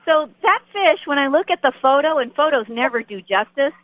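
A woman with a high voice co-hosts a fishing radio show and questions a guest in a friendly way, laughing along with her. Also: expressive, moderate pace, fairly bright tone, no room sound, low-quality recording. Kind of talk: interviewing a guest.

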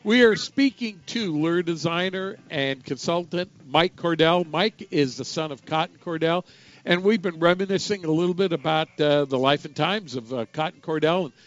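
Upbeat high-voiced radio host man. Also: normal speed. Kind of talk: talk radio hosting.

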